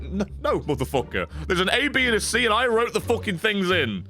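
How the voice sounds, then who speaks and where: A man's voice: a little high, fast, soft background music. A man signing off a live stream, rambling, swearing a lot and getting worked up at chat. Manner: profane, excitable, rambling. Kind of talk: casual stream sign-off chat.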